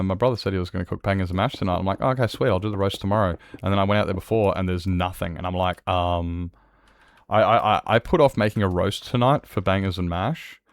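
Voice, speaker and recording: A man's voice: deep voice, no echo, clean studio sound. A young Australian man chatting casually on a game stream, blunt and rambling, swearing freely as he talks to his viewers. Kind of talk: casual live-stream chat.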